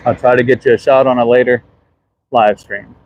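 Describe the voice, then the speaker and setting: A man's voice: mid-range voice, little pitch movement, moderate pace, highs cut off. A man with a Southern US accent giving a casual live stream from a ship deck as its superintendent, answering viewer comments as he films.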